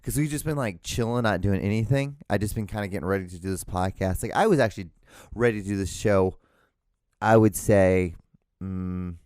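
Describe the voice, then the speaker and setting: Man, solo podcast host, lowish voice, dry close mic, casual and profane, rambling. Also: fairly quick, darkish tone, smooth, no room sound. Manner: casual, profane, self-mocking, lots of restarts.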